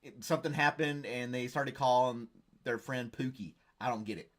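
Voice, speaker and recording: A man's voice: medium pitch, normal speed. A man hosting a casual live stream, rambling and joking as he reads viewer comments. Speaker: host.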